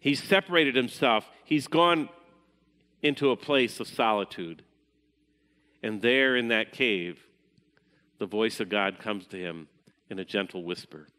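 A man preaching a sermon as pastor, measured in delivery and sometimes dropping to a hushed voice. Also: medium pitch, big-room sound.

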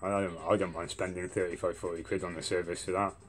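A man's voice: deep voice, fast. A young man telling a rambling, swear-filled story in a casual vlog. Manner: swears a lot, rambling and animated when retelling.

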